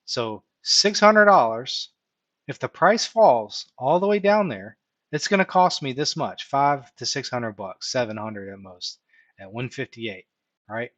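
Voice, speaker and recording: A man of ordinary pitch hosts a live stream, working through his ideas aloud and checking in with his listeners with "right?". The sound is dry and close, with no room around it. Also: expressive, measured pace, fairly bright tone, no room sound, highs cut off. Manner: thinks aloud, tags points with "right?". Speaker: live-stream host teaching stock options. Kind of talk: unscripted live-stream walkthrough.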